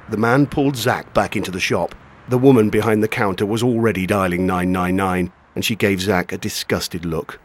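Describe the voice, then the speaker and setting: A man reading a story aloud in steady narration. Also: deep voice, moderate pace, husky.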